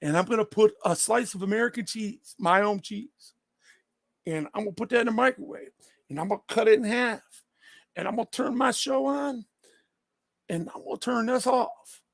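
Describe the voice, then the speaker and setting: Gravelly high-voiced man, blunt. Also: moderate pace, no echo. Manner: blunt, confrontational, swears freely. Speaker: livestreamer answering his chat. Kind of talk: casual livestream chat.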